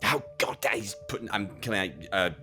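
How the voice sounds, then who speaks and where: A man playing a tabletop game, describing his character's actions in a lively way. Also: on the low side, fairly quick, soft background music. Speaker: player.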